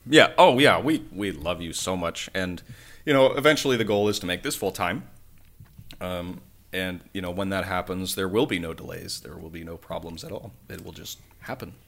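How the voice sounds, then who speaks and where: A man's voice: low-pitched, moderate pace, vocal fry, a bit bright. A man hosting a podcast in casual chat, rambling and joking with lots of fillers and restarts while he's sick. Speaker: podcast host.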